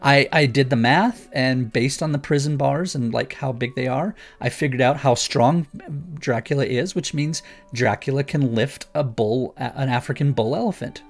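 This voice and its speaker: A man's voice: medium pitch, moderate pace, hardly any pauses, soft background music. A man speaking as a guest in a casual chat, explaining things eagerly and rambling with many restarts. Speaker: guest author.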